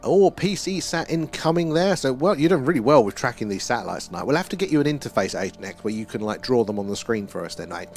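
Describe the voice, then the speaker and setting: A man's voice: medium pitch, lively intonation, fast talker, gravelly, hardly any pauses, a little mellow, faint music behind. A man with an Essex accent hosting a live sky-watch stream, chatting casually and reading out viewer comments. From England. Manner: chatty, reads out viewer comments, often trails off with "there".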